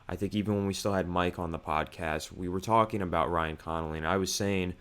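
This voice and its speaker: A man's voice: low voice, fairly bright tone. A man co-hosting a sports podcast, explaining his views in an eager, opinionated way. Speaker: podcast co-host. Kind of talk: casual sports podcast chat.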